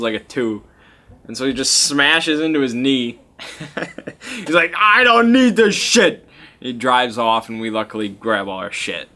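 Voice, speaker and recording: A man's voice: medium pitch, pushed and bright. A man casually recapping a tabletop game session, rambling, with many fillers and chuckling asides.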